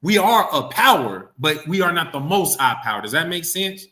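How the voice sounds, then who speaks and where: A man teaching a religious class, questioning his students and coaxing answers out of them. He repeats himself often and reads scripture slowly and deliberately. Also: on the high side, sing-song, pushed and bright.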